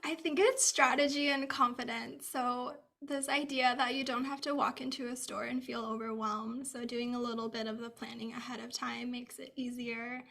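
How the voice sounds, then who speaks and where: Woman stylist as interview guest: high, bright voice with some vocal fry, chatty and upbeat. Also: little pitch movement, normal speed, few pauses. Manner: chatty, upbeat, many "like" fillers. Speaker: capsule wardrobe stylist, guest. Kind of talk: casual interview answers. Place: Bay Area, US.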